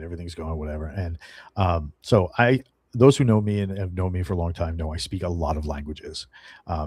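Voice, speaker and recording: Low, husky rambling storyteller man. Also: dry recording. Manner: rambling, animated storyteller with many fillers and restarts. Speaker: guest, dog handler. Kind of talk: casual podcast storytelling.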